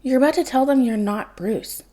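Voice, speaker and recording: A woman's voice: high voice, normal speed, dark tone, voice pushed up, lightly acted. A woman voicing a dry, exasperated teenage boy sidekick speaking over a comm link.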